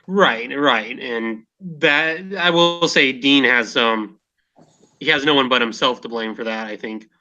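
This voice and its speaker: A man's voice: mid-range voice, unhurried, muffled recording. A man hosting a casual podcast discussion, talking hesitantly with many fillers and restarts. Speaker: podcast host.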